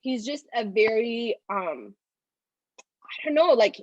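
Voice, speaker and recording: Woman, 30s, podcast guest, rambling casual speech, says "like" a lot, slightly high voice, dry close sound. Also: lively intonation, slow, no echo, highs cut off. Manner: talks in loose run-on phrases full of "like". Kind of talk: casual conversational storytelling.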